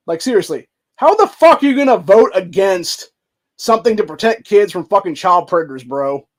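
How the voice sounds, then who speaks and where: A man's voice: high-pitched, sing-song, normal speed. A young man hosting, ranting angrily and profanely, peppering his talk with dude and bro. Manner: profane, heated, heavy filler words like dude and bro. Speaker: commentary host. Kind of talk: angry political rant.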